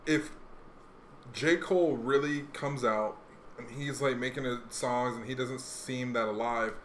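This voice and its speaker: A young man hosting a podcast, chatting casually in a rambling, animated way with lots of fillers. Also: mid-range voice, unhurried. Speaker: podcast host. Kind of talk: casual chat. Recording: echoey room, faint noise.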